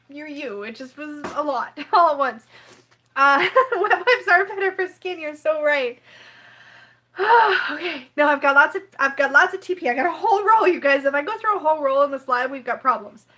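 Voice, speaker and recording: Casting: woman, tarot live-stream host; high, bright voice, chatty and tearfully emotional. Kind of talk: live-stream unboxing chat.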